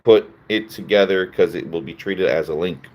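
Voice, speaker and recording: A man hosting a casual livestream who reads chat comments and fires back with sarcasm and mocking laughs. His voice sits low. The delivery is loose and conversational. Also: moderate pace, highs cut off. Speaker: livestream host.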